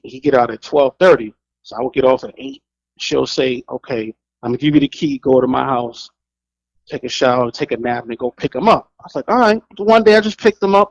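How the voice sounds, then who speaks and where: Co-host type: high-pitched New man, animated and blunt, acts out quotes, dry close mic. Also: creaky, no room sound, highs cut off. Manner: blunt, profane, laughs often. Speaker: podcast co-host. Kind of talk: casual chat, storytelling.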